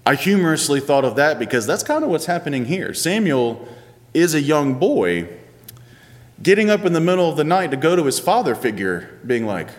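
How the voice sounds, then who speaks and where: A man's voice: on the high side, very animated, fairly quick. Male pastor, 30s, chatty storytelling sermon, long church reverb. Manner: conversational, playful storytelling with varied pace.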